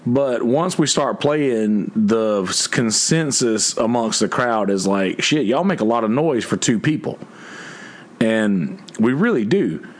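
A man's voice: mid-range voice, lively intonation, slow pace. A man, a musician telling a story to his viewers in a casual, blunt and profane way, raising his voice to quote people. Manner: profane, blunt, quoting others in a raised voice. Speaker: musician in a two-piece band.

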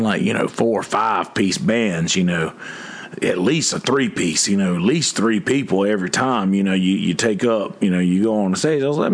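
A man's voice: lowish voice, moderate pace. Blunt, profane man telling a story. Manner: profane, blunt, quoting others in a raised voice. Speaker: musician in a two-piece band. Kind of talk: casual storytelling to viewers.

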